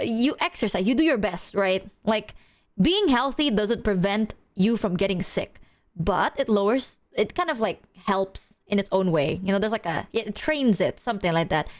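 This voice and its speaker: A woman streamer chatting casually to her audience, telling stories in an animated way and swearing often. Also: mid-range voice. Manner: animated storytelling, heavy swearing. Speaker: live streamer.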